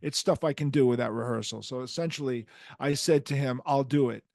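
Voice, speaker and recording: An older man with a New York accent hosting a podcast, telling stories in a lively, profane way. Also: medium pitch, a little fast, creaky, no room sound, studio quality. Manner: animated, profane, acts out quoted dialogue. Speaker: podcast host. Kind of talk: casual storytelling chat.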